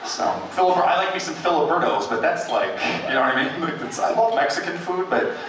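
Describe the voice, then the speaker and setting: A man doing a stand-up comedy set in a club, rambling with lots of fillers and shrill put-on voices for the people he quotes. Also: animated, fast, fairly bright tone, far from the mic. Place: comedy club stage with audience. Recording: very echoey club audio from afar. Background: audience laughter and room ambience.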